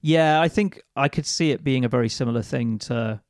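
A man taking part as a player in a tabletop role-playing game, relaxed and agreeable in casual chat. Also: mid-range voice, fairly quick, no room sound, clean studio sound.

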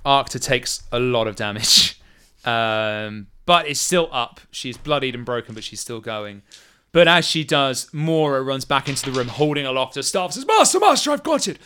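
A man narrating as game master of a tabletop game, playful and lively in his descriptions. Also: medium pitch, moderate pace, a little hiss or hum.

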